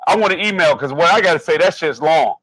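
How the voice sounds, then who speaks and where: Angry cursing guy in his 40s ranting on a sports podcast, kinda high voice, dry sound. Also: expressive, quick pace, a bit bright, dry recording, poor audio. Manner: angry, profane, emphatic. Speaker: podcast co-host. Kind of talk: heated sports podcast rant.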